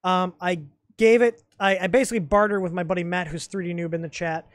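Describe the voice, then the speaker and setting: High-voiced blunt young man chatting. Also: steady tone, quick pace, no echo. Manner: blunt, opinionated, joking. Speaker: live stream co-host. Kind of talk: casual live stream chat.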